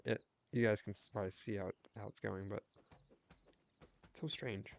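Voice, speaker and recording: A young man chatting casually while livestreaming a game, telling a rambling story with quick restarts. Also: on the low side, steady tone, creaky. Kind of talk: casual chat while gaming.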